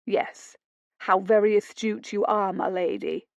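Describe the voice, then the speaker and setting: A woman's voice: mid-range voice, steady tone, a little slow, gravelly, no room sound. A woman reading an audiobook, voicing a mocking, sardonic roguish man with a drawling sarcasm. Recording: dull dry lo-fi studio read.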